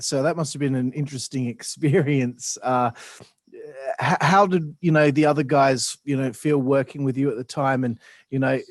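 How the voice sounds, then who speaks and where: A man hosts a podcast interview, chuckling along with his guest before firing off short follow-up questions. His voice sits at a middle pitch and is recorded dry and close, with no room echo. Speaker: podcast host.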